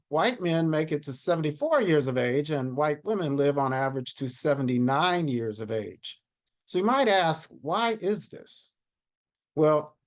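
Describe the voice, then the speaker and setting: A man in his sixties giving a measured slide presentation on a video call. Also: on the high side. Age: 60s. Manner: measured, reads statistics from slides. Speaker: panel speaker.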